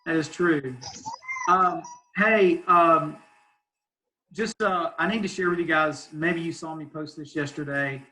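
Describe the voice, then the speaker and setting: A youth pastor from Southeast Arkansas with a Southern accent, talking easygoingly on a video call, laughing often and leaning on fillers. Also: male voice, fairly high pitch, steady tone, slow, long pauses, pushed and bright, a little hiss or hum, rough recording. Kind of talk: casual video call chat.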